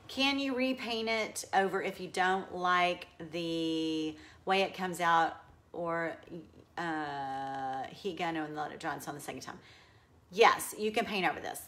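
Bright, chatty Texan woman. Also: lowish voice, poor audio. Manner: chatty and upbeat, talks while working. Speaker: furniture painting instructor. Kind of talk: live DIY demonstration, reading viewer comments.

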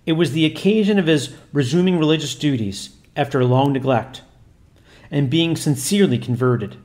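A man narrating a religious history as a storyteller, in a steady, formal reading voice. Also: a little high, normal speed.

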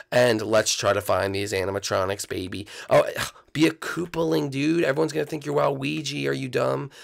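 A man giving excitable, teasing commentary over a block-building game as a video host. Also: mid-range voice, gravelly. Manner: hyped, teasing, keeps tacking on "baby". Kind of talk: excitable let's-play commentary.

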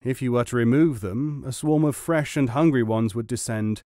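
Storybook fox, trapped and resigned, calm reasoning tone, male reader, dry sound. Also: mid-range voice, moderate pace, no room sound, lightly acted. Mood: explaining.

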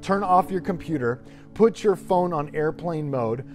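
A man in his thirties preaches to a youth crowd with a fairly high voice, pushing each point in rising, emphatic bursts. Faint music plays softly behind him. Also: expressive, unhurried. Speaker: youth pastor. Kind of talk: sermon.

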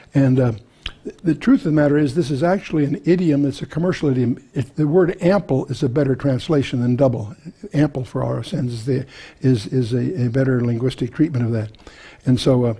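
A man's voice: a little high, creaky, mellow, husky. A man teaching a verse-by-verse Bible study, reading scripture aloud and then explaining it, with frequent restarts.

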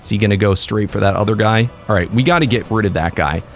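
A young man commentating his own gameplay, excitable and quick to break into frustrated outbursts. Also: lowish voice. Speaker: let's play gamer.

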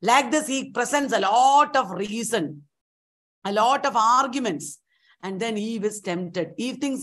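A woman lecturer teaching an online literature class. She retells the story with animated flair and repeats key points for emphasis. Her voice sits a little high. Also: a little slow.

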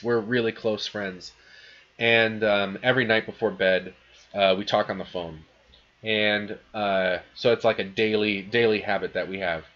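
Chatty low-voiced male lecturer. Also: dull audio. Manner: chatty, lots of fillers and restarts. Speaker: philosophy lecturer. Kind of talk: casual classroom lecture.

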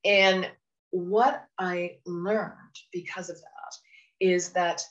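A woman from Canada with a slightly low voice leads a webinar on handling phone calls. She talks in an earnest, encouraging way, often adding "you know" as she explains. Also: dull audio. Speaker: phone communication trainer. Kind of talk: webinar presentation.

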